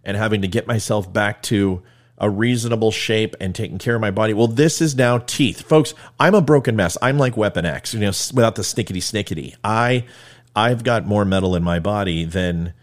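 A man's voice: lowish voice, fairly quick. A man hosting a casual monologue for viewers, rambling and joking at his own expense. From California. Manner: rambling, joking, self-mocking. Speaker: host.

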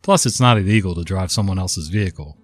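A man's voice: low-pitched, fast, faint music behind. A man in his fifties, worn out from a cold, casually narrating a story in a conversational way. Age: 50s.

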